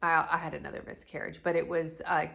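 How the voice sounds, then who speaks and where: A low-pitched, fast-talking woman with vocal fry shares a personal story on camera. The middle-aged North Carolina lifestyle vlogger is animated and chatty, breaking off into asides and starting over frequently.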